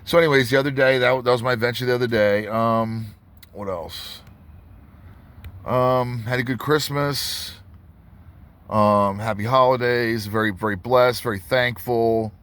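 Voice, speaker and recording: A man talking casually to his viewers about something that happened to him, in a voice of ordinary pitch. He rambles and starts over often, and he keeps stopping to check in with his audience. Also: fairly even intonation, unhurried, fairly bright tone. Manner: rambling, frequent restarts and asides to viewers. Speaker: tattoo artist. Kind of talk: casual storytelling vlog.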